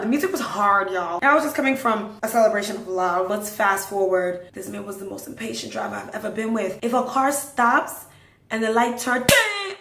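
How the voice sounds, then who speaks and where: A young woman podcast host telling a wild story casually, acting out the quotes. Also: mid-range voice. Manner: animated, dramatic retelling with acted-out quotes. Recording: roomy, distant mic.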